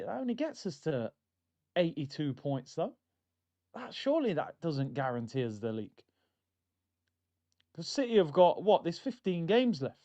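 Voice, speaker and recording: A man runs a football watchalong stream with casual, slangy and opinionated chat, and he keeps calling his viewers "people". His voice sits a bit high, and the audio is dull and lo-fi. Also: a little mellow. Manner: chatty, opinionated, slangy, calls the audience "people".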